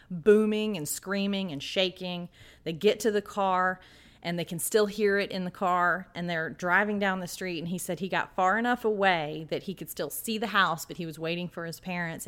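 A woman co-host with a fairly low voice tells a story in a relaxed podcast chat. She leans into it dramatically and acts out what people said. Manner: dramatic storyteller acting out quotes.

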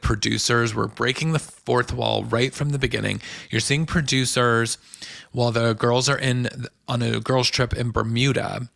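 A man's voice: mid-range voice, creaky, fairly bright tone, no room sound, clean studio sound. A man hosting a podcast, giving a chatty, enthusiastic recap of a reality show in a casual solo commentary. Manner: chatty and enthusiastic, gushing asides.

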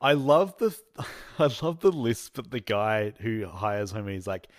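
A man's voice: lowish voice, big pitch swings, a little slow, dry recording. A man co-hosting a podcast in casual chat, laughing often and filling with "like" and "um". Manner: laughing often, many fillers. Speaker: podcast co-host.

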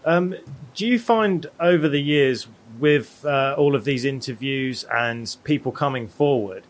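A man's voice: medium pitch, a little slow. A man hosting an interview, asking a polite question with some hesitant fillers. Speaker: host.

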